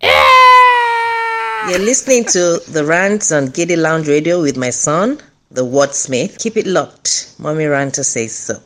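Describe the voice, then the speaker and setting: A woman, the host's mother, voicing a recorded radio station drop in a booming, drawn-out, showy way. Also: very animated, pushed and bright, raised voice.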